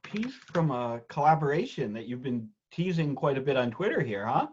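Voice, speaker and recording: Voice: mid-range voice, very animated, moderate pace, a little mellow, a little hiss or hum. Casual host, swears freely, muffled lo-fi audio. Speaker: host of a reading series. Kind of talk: casual live-stream hosting. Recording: dull lo-fi audio.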